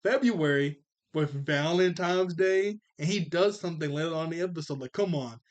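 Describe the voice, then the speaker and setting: A man's voice: a little high, normal speed. A young man giving a casual, playful recap of a cartoon episode, laughing often as he talks. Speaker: cartoon reviewer.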